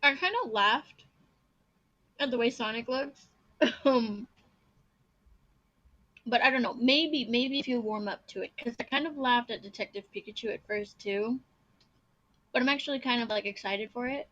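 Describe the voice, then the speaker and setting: A woman's voice: fairly high pitch, normal speed, pauses often, a bit bright, no echo. Chatty woman on dull lo-fi audio. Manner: hesitant, fillers, eating while talking. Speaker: podcast guest. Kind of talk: casual chat.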